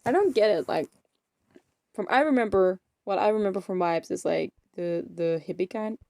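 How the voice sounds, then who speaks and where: In a clean studio recording with no echo, an eighteen-year-old woman speaks at normal speed in a mid-range, dark voice with vocal fry. She's a vlogger rambling casually while gaming, self-deprecating and prone to trailing off into mumbles.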